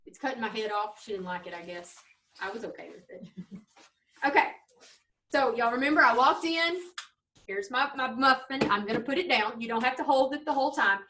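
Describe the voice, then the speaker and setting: A woman's voice: a little high, brisk, pushed and bright, slight background noise. Lady teaching kids, chatty, keeps saying okay, sounds a bit far from the mic. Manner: chatty, checks in often with "okay?". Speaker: 4-H club leader. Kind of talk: casual instructional demo for kids. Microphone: video camera. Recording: distant camera mic.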